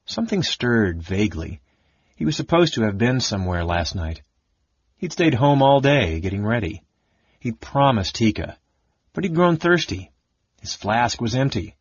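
A man reads a fantasy novel aloud in an expressive, steady way. His voice is low and husky, and the recording is dry and slightly dull, like an older lo-fi audiobook. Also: no echo. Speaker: audiobook narrator. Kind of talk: dramatic fantasy audiobook narration.

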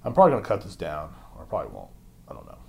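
A man's voice: wildly swooping pitch, racing, gravelly, mellow. A young man hosting his own podcast, ranting with constant swearing and mocking other people in silly voices. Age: young adult. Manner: profane, ranting, mocks others in squeaky voices. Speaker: podcast host. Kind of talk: angry solo rant.

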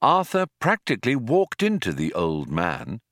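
Male audiobook narrator, low voice, very lively pitch, dry wry delivery. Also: unhurried, no echo. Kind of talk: scripted narration.

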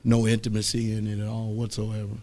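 A man preaching a sermon as pastor, rising to loud exhortation and dropping to soft asides. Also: fairly low pitch, completely flat delivery, fairly quick. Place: church.

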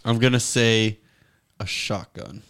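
A man's voice: fairly low pitch, slow, a bit bright, clean tone. A man chatting casually with friends, hesitant and rambling as he thinks aloud. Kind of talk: casual chat.

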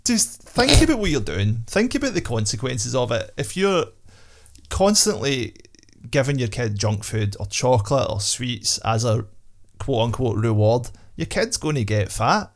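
A man's voice: medium pitch, very animated, measured pace, vocal fry. A man co-hosting an audio podcast, blunt and sweary in casual chat. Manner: blunt, sweary, laughs easily. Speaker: podcast co-host. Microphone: audio-only podcast mic.

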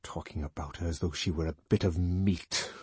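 A man's voice: low voice, fairly even intonation, moderate pace, darkish tone, slightly rough, dry recording. A man voicing a bitter muttering young man. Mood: resentful. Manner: muttering, resentful.

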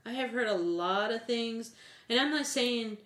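A woman's voice: on the high side, unhurried, a loud crowd. A woman co-hosting a podcast, talking casually in a blunt, exasperated way with frequent laughs. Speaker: podcast co-host. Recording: roomy echo.

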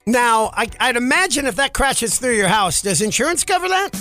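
A man with a very high voice runs a chatty radio-style podcast segment. He reads the news quickly and keeps tossing in dry, sarcastic comments. A clear music bed plays under him. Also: sing-song. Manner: wry, sarcastic asides on the news. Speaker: podcast host.

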